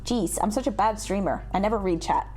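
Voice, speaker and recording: Animated, self-deprecating young woman streamer. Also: mid-range voice, fairly quick, soft background music. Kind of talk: casual livestream chat.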